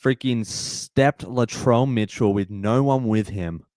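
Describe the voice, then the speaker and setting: A man hosting a live match-reaction stream, excitable and emotional, shouting at big plays. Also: medium pitch, slow pace, no room sound, clean studio sound.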